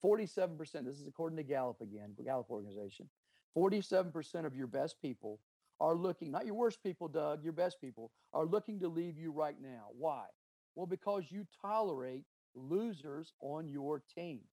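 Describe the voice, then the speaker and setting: A middle-aged business owner, interviewed about leadership, speaks in an animated, fairly quick, mellow voice on the high side, with no room sound. He tells earnest, emphatic anecdotes and quotes what people said.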